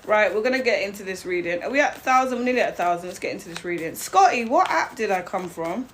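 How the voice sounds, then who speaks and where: A woman's voice: mid-range voice, lively intonation, quick pace. Young woman, live-stream tarot host, blunt and chatty, laughs easily, faint noise underneath. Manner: blunt and chatty, greets viewers, laughs often. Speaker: livestream tarot reader. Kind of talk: casual live-stream chat.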